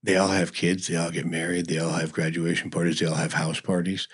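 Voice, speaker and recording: A man's voice: deep voice, level tone, a little fast, husky. A middle-aged man who owns a barbecue business, telling stories in a folksy, rambling way as a guest in a casual interview. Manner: storytelling, folksy, lots of "you know". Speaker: barbecue restaurant owner, guest.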